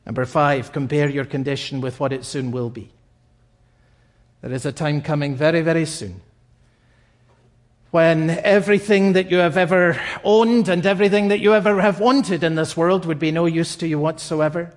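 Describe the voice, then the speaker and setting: A man preaching a sermon in an earnest, emphatic way, slowing down to stress key phrases. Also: on the high side, fairly even intonation. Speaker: pastor. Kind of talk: recorded sermon.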